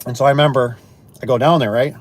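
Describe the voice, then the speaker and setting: A man talking straight to his viewers in a loose, folksy way, wandering from one work story to the next. His pitch sits in an ordinary middle range, and he slips into quick bits of dialogue as he tells a tale. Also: fairly even intonation. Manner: rambling, folksy, acts out both sides of conversations. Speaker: garage door installer and business owner.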